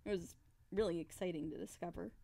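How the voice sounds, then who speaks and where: A woman's voice: on the low side, fairly even intonation, quick pace, vocal fry, mellow. A young woman voice actor chatting casually on a drawing stream. She laughs often and acts out what people said.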